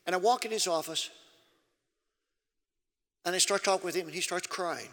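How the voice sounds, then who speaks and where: A man preaching to an audience in an emphatic way, breaking into sudden loud, high outbursts. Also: moderate pace, long pauses. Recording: long reverb of a large hall.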